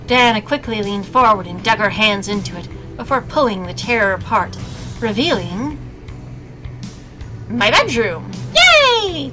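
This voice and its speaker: A woman reading a visual novel aloud as a game streamer, with snarky asides between narration. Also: medium pitch. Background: game music.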